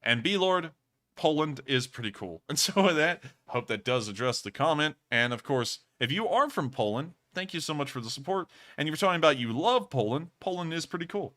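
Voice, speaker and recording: A man's voice: a little high, lively intonation, brisk, fairly bright tone. A man hosting a live stream, answering viewer questions in a chatty, rambling way and often correcting himself. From United States. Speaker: host.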